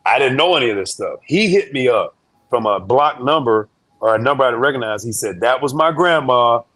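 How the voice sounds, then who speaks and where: A man, a guest in an interview, telling a story in a joking, slangy, animated way. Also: mid-range voice, brisk, dry recording.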